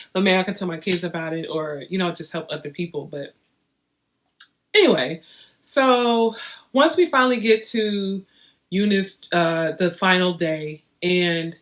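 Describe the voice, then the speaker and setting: A young woman vlogging, chatting straight to her viewers in an animated, storytelling way. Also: fairly low pitch. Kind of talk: casual storytelling to camera.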